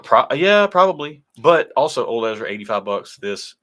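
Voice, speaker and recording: A man's voice: mid-range voice, sing-song, moderate pace, a bit bright. A man co-hosting a casual whiskey tasting livestream, chatting and reading viewer comments aloud. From United States. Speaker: whiskey show co-host.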